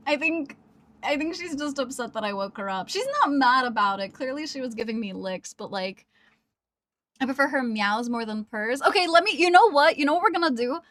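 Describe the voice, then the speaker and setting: A woman's voice: high-pitched, expressive, normal speed, fairly bright tone. A woman streaming live from home on a wireless mic, chatting casually and giggling as she coos baby talk to her cat.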